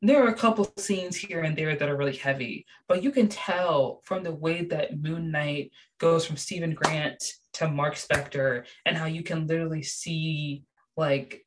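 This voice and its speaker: A young woman with a low, deep-set voice talks through a TV show in casual chat. She gushes and gets animated, piling on fillers as she goes. Her tone stays relaxed and unscripted. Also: normal speed, slight background noise. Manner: animated, gushing, many fillers. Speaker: show reviewer.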